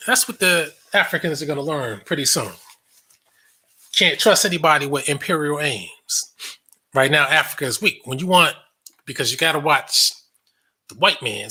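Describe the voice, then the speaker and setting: An online show host delivers a casual commentary monologue in a medium-pitched, bright, forceful voice that is slightly rough. He's blunt and sarcastic, swears freely, and laughs often.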